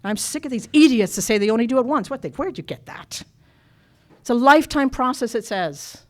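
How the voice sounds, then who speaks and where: Blunt woman with a higher voice. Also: expressive, brisk. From Ireland. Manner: blunt, candid storytelling with frequent laughter. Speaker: recovery meeting speaker. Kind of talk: personal recovery talk to an audience. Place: workshop meeting room.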